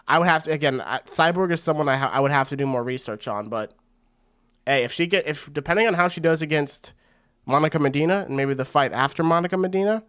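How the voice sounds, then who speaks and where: A man hosting a fight watch party, giving casual, rambling commentary full of slang. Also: fairly high pitch. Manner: excitable and rambling, slangy with frequent "bro".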